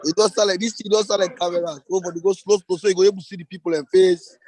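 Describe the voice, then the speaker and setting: A man's voice: high-pitched, steady tone, rapid-fire, darkish tone, no room sound. A man giving casual, repetitive camera directions in broken phrasing. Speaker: person directing the camera operator. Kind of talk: casual instructions.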